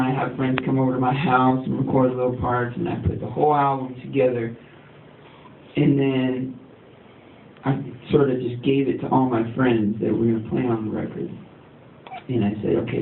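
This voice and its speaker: A man's voice: mid-range voice, gravelly. A man talking as a musician guest in a casual interview, rambling and laid-back with lots of fillers. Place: recording studio. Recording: tinny, echoey, distant, faint hiss.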